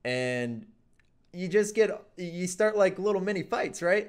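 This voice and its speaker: A man's voice: high voice, lively intonation, unhurried, smooth. A man talking casually and earnestly about a video game, rambling with lots of fillers. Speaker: gaming YouTuber. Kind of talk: casual advice monologue.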